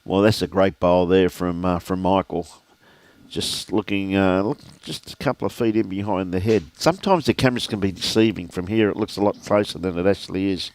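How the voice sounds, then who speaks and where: A deep-voiced older Australian man calls a lawn bowls match in an easy, chatty way, greeting viewers as he goes. His voice sits low and sounds dry and close to the mic. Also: a little fast, darkish tone, no echo. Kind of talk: live sports commentary. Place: outdoor bowls club.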